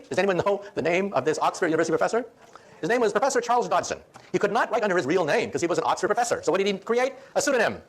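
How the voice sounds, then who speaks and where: A man, a physicist, giving a humorous public lecture as an animated, joking storyteller. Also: sits high.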